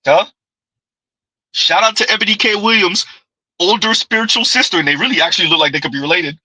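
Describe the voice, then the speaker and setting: Bright, sarcastic commentary man. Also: high voice, a little fast, breathy edge, no echo, rough recording. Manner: sarcastic, talks back to himself. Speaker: commentary host. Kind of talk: reaction commentary.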